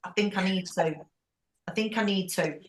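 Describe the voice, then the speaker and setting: A chatty, frank woman runs a group call at an everyday mid pitch. Her voice carries a roomy echo, as if the room around her is bare. She talks in a casual, quick-laughing way. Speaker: team leader hosting a group call. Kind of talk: casual chat.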